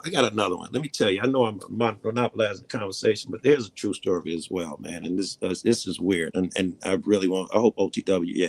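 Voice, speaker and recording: A man's voice: low-pitched, gravelly, no echo. A man telling a personal story in casual conversation, blunt and profane, rambling as he goes. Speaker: panel guest.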